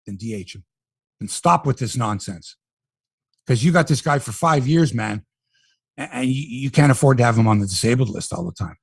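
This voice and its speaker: A middle-aged man hosting a sports podcast, talking in an animated, profane, ranting way. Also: medium pitch, brisk, creaky, slightly rough, no echo, clean studio sound. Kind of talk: casual sports talk.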